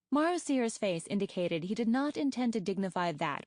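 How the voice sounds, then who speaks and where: A woman's voice: mid-range voice, expressive, moderate pace, hardly any pauses, a little mellow, no echo. Woman narrating an audiobook, dry sound. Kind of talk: scripted narration.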